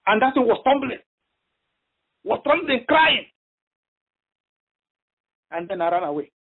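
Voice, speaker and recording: A man preaching a sermon on a phone prayer line, telling a story with halting repeats and emphatic stress. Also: very high-pitched, sing-song, slightly rough, narrow, tinny audio.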